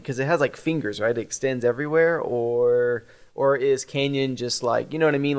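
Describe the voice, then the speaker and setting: A man's voice: medium pitch, clean tone. A man hosting a church podcast, chatting casually and telling stories with rambling asides. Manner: rambling, laughs at own stories. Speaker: podcast host. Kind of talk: casual chat.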